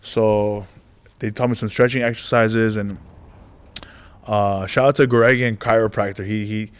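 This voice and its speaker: Forty-ish guy comedian, rambly and animated, just chatting stories. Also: lowish voice, measured pace, clear, resonant tone. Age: 40s. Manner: rambling, animated storyteller acting out dialogue. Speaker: comedian guest. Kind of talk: casual interview storytelling.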